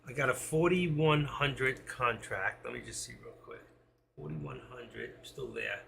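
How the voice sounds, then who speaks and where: Male streamer, very gravelly and bright-toned, reading prices aloud at a trading desk with faint noise behind. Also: medium pitch, unhurried. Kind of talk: live trading commentary.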